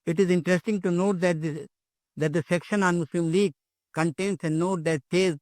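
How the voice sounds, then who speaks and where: A man's voice: sits high, steady tone, fairly quick, a little mellow, no echo. An older man giving an academic lecture, hesitant, with many fillers and repeated words.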